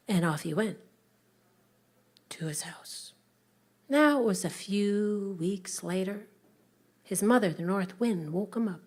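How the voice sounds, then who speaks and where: A woman telling a story to families, animated, swinging between whispers and loud calls. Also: medium pitch, takes it slowly, long pauses, breathy edge.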